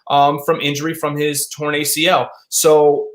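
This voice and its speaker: A man's voice: fairly high pitch, monotone, a little slow, roomy sound. A man hosting a sports panel show, recapping the season and handing questions to his co-hosts.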